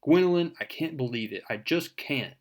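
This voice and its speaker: Stern cop dad scolding his kid, loud and worked up , a guy putting it on. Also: a little high, expressive, moderate pace, close to an everyday voice. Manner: scolding, exasperated. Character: stern police captain father, exasperated.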